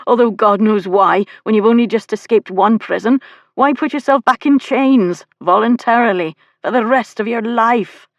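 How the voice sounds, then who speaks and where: A woman's voice: mid-range voice, lively intonation, moderate pace, creaky, no echo, dull audio, pitched above the performer's own voice. A woman voicing a brash, teasing young nobleman in an audiobook, mocking and boastful. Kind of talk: audiobook character voice.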